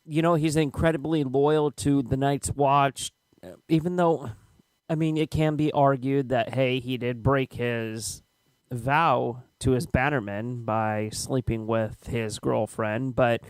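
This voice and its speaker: A man's voice: mid-range voice, no room sound. A man co-hosting a casual podcast chat, hedging and restarting as he argues a point. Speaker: podcast co-host.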